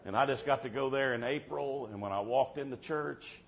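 Fervent preacher shouting in church. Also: male voice, medium pitch, brisk. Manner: fervent, swings from soft to shouting. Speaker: traveling preacher. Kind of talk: revival sermon storytelling. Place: church service. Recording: dull muffled sound with faint background hiss.

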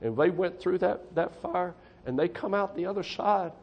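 The recording is muffled, capturing a man with a high voice at normal speed. He's a missionary giving a testimony sermon in church, folksy and emphatic, frequently repeating himself and insisting "I'm telling you."

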